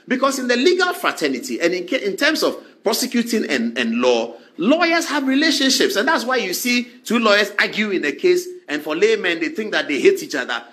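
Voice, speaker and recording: A man with a Ghanaian accent giving animated political commentary, acting out quoted exchanges as he goes. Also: high-pitched.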